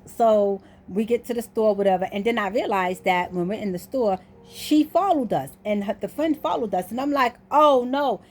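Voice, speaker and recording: A woman vlogger chats straight to her viewers, recounting a story in a loose, easy way. She jumps into lively little voices for each person she quotes. Her voice sits at a middling pitch for a woman. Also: moderate pace, hardly any pauses. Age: adult. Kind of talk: casual storytelling.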